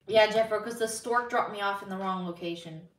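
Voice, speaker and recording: A woman's voice: mid-range voice, brisk, recorded from a distance. A woman live streamer in casual chat, bubbly and giggly as she reads viewer messages aloud. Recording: roomy sound, slightly off-mic.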